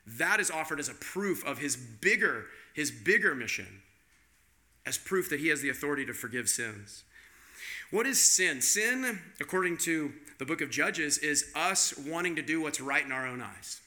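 Male pastor, slightly high voice with a very bright edge; conversational sermon built on rhetorical questions. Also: animated, moderate pace.

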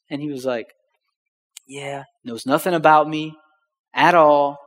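A man's voice: a little high, slow, pauses often. A man, preaching as a pastor and acting out the voices in a personal story. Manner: animated storyteller, acts out dialogue. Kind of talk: sermon storytelling. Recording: long hall reverb.

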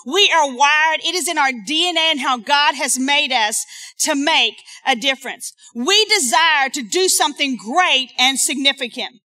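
A woman delivers a church sermon in a high, ringing voice with a bright, forceful edge. She keeps the congregation involved and prompts them to repeat key phrases to the people beside them. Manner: interactive, calls on the congregation to repeat lines. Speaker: preacher. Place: church sanctuary.

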